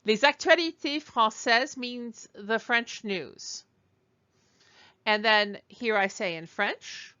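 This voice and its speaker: A woman teaching a language lesson over slides, explaining slowly and digressing as she goes. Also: fairly high pitch, bright, forceful tone, clear, resonant tone, lo-fi sound. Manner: explanatory, digressive, with fillers and restarts. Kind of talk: recorded lecture over slides.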